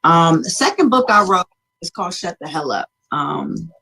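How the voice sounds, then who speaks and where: A woman with a husky, breathy voice talks through her stories in a relaxed talk-show chat. She is chatty and warm-toned in delivery, laughing between thoughts as she describes her books. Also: fairly low pitch, normal speed. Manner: chatty storytelling with frequent laughter. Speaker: author and guest.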